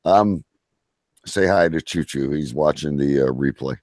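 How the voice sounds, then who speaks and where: A man's voice: rumbling low, unhurried, a little mellow, no echo, clean studio sound. A Canadian man on a livestream podcast as a guest, chatting casually in a joking, self-deprecating way.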